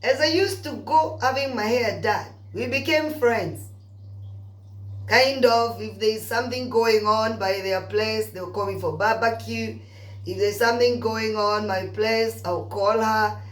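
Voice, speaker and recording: A woman's voice: fairly high pitch, a little slow. A woman telling a long story in a chatty, gossipy way, speaking to her viewers. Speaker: vlogger. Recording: roomy echo.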